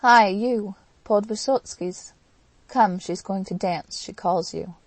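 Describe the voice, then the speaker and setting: A woman voicing a hot-headed, drunken young man in an audiobook, loud and blustering. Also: medium pitch, flat delivery, unhurried, vocal fry, no echo.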